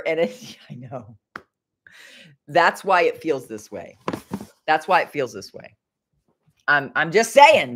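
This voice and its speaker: A woman's voice: fairly low pitch, fairly bright tone, husky. A middle-aged woman hosting a rambling faith livestream from home, chatty and easily distracted, laughing often. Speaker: livestream host.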